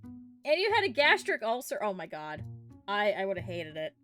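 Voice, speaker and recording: A woman's voice: medium pitch, huge pitch swings, moderate pace, a bit bright, faint music behind. A woman streaming a game, chatting casually and rambling through giggly stories on tangents. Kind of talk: casual live gameplay chat.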